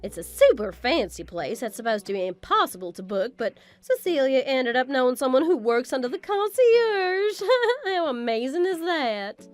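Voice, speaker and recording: A woman's voice: high-pitched, sing-song, normal speed, hardly any pauses, no room sound. A woman voicing a vain, condescending mother-in-law in a scripted story drama. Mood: scornful. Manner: condescending, boastful, theatrical. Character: haughty vain older mother-in-law, scornful.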